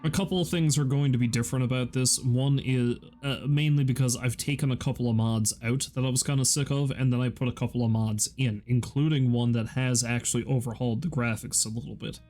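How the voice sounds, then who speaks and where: A man's voice: medium pitch, steady tone, brisk, few pauses, a little mellow. A tired young man from Canada rambling wryly through a casual game stream. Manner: rambling, wry and self-deprecating. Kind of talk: casual gaming stream chat.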